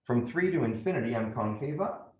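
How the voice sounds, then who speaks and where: A man's voice: medium pitch, lively intonation, brisk, reverberant, lo-fi sound. A man teaching a math lesson step by step, often checking in with "right?".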